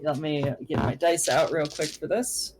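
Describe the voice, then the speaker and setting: A young man narrating a tabletop game as game master on a stream, rambling with fillers and quick self-corrections. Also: fairly high pitch, fairly even intonation, noisy background.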